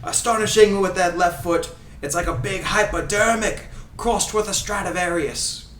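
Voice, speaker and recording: A man's voice: high voice, moderate pace, a bit bright, a little hiss or hum, pitched above the performer's own voice. A man doing a fake Scottish accent as a flowery, over-the-top soccer commentator, with theatrical delivery. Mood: gushing. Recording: echoey room, mic at a distance.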